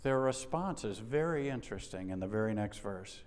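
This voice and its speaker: A man's voice: on the low side, expressive, normal speed, a little mellow. A man preaching a sermon with emphasis, putting rhetorical questions to his congregation and asking for an "amen". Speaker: pastor. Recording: long hall reverb.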